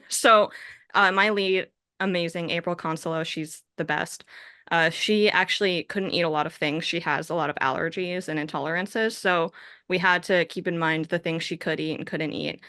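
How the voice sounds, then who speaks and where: A woman's voice: sits low, bright, forceful tone, clean tone, no room sound, clean studio sound. A young adult woman director answering festival Q&A questions in a chatty, rambling way that keeps correcting itself. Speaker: film director.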